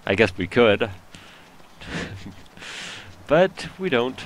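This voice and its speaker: A man's voice: medium pitch, very animated, drawn-out words, slight background noise. A man whose first language is French, rambling and joking at his own expense while commenting on a video game. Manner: rambling, joking, self-mocking. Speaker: let's play host.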